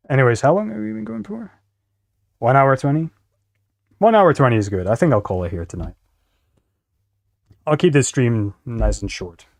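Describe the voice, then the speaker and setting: A man's voice: mid-range voice, a little mellow, no echo. A male streamer casually reacting to videos, laughing and swearing.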